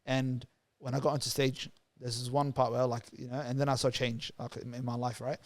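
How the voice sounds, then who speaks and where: Born in Somalia and raised in Australia, this man works with youth and appears on a casual podcast as a guest. His medium-pitched delivery is flat, yet he speaks quickly and earnestly, repeating words and saying "you know" a lot.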